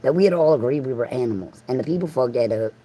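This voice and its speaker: A woman's voice: extremely low pitch, lively intonation, fast talker, dark tone, rough recording. Rambling, foul-mouthed woman livestreamer. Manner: profane, free-associating, talks straight at viewers.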